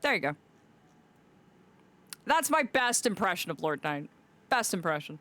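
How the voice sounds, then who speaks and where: A woman streaming a game, chatting casually in an animated, rambling and playful way. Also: lowish voice, unhurried. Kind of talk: casual gameplay commentary.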